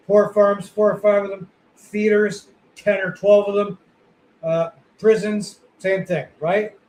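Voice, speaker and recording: On a rough recording, a high-pitched man co-hosts a podcast. He chats casually, rambling bluntly with lots of fillers and the odd curse.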